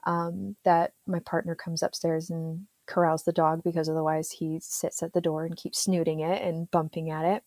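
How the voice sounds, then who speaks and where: A woman's voice: deep voice, flat delivery, normal speed, few pauses, a little mellow, no room sound. A woman therapist, a podcast guest, chatting casually with frequent laughs and fillers. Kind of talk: casual interview chat.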